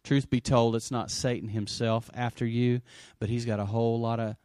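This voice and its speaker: A middle-aged male pastor preaching in an easy, conversational way, often asking the congregation for an amen. His voice sits at an ordinary pitch for a man, and he jumps from loud, pressing emphasis to soft asides. The recording is dry and close, with no room echo. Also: little pitch movement, moderate pace. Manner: asks the congregation for amens. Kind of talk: sermon.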